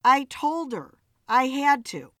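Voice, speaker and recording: A woman's voice: sits high, big pitch swings, slow, no room sound, studio quality, pitched above the performer's own voice, full character voice. A woman voicing a blunt, weary female bartender in an audiobook story.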